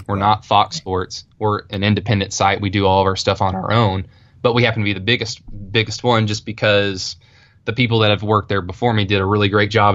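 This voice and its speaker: A man's voice: fairly low pitch, fairly bright tone, no echo, highs cut off. A young man from Oklahoma with an Oklahoma accent, chatting casually as a podcast guest in a rambling, self-deprecating way.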